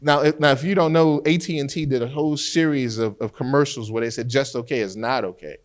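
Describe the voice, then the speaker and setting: A man teaching trial skills as a defense lawyer, an animated storyteller who often repeats words as he restarts a thought. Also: a little high, fast, smooth. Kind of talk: lecture with courtroom storytelling.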